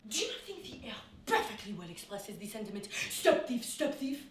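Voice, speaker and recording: A boastful, theatrical young male nobleman, played by a woman, in a stage comedy, swooping through lively exclamations. The voice is heard from a distance in a roomy studio, with faint background noise. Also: mid-range voice, brisk, close to an everyday voice. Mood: preening. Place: studio room.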